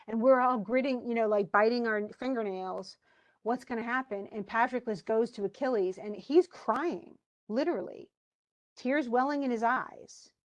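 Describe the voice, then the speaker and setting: A woman casually retelling and discussing a book chapter in an animated, conversational way, as a teacher. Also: mid-range voice.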